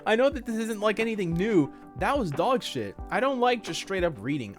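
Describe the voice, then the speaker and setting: Regular guy reading a web comic out loud, trips on long words, jokes at himself. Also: high voice, sing-song, moderate pace, hardly any pauses, over music. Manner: stumbles over long words and restarts; casual, self-mocking asides. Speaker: web comic reader on his channel.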